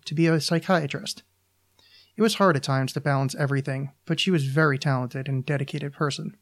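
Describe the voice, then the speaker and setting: A man, a podcast host, reading his own short story aloud in a deliberate, deadpan manner. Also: medium pitch.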